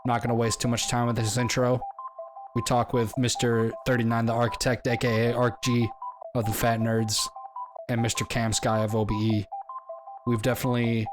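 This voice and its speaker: A man hosting a casual podcast chat, laid-back and rambling with lots of fillers. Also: medium pitch. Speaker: podcast host.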